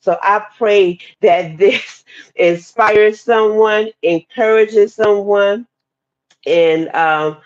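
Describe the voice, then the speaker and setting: Woman, mid-pitched voice, animated testimony storyteller, muffled podcast audio. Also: very slow. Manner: lively, expressive, addresses listeners as y'all. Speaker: guest speaker sharing testimony.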